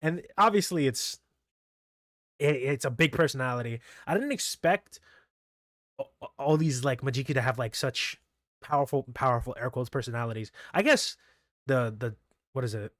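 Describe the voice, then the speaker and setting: A man's voice: mid-range voice, moderate pace, a bit bright, dry recording, clean studio sound. A man casually recapping comic chapters for his channel, rambling with lots of fillers and restarts. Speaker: manga review channel host.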